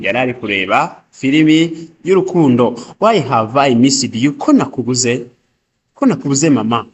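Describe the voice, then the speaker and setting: A man teaching an English grammar lesson, reading example sentences slowly and explaining them quickly in between. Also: medium pitch, a little hiss or hum. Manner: slow drilled example sentences, then rapid explanations. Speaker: language teacher.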